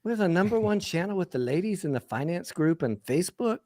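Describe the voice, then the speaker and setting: A man putting on a weak Canadian accent as an over-excited, gushing character. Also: high voice, a little fast, pitched above the performer's own voice. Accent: Canadian, put on.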